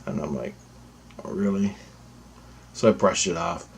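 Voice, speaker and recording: Gravelly and low-pitched, this vlogger talks unhurriedly while a faint hiss or hum sits underneath. He recounts a personal story in a loose, repetitive way, cursing freely.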